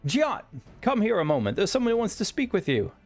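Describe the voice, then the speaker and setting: A man's voice: sits high, wildly swooping pitch, brisk, faint music behind, pitched above the performer's own voice, full character voice. A man reading aloud as a polite, helpful male tavern barman from a game.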